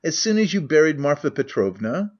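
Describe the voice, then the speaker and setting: A man's voice: fairly high pitch, sing-song, fairly quick. A man voicing a brooding young man who asks terse, accusing questions, on a muffled lo-fi recording.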